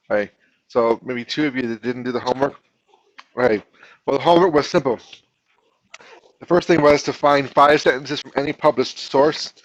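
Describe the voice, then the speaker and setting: A man's voice: mid-range voice, dry recording. Man teaching a class, dull dry recording. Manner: patient, repeats himself, restarts phrases. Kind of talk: classroom instruction.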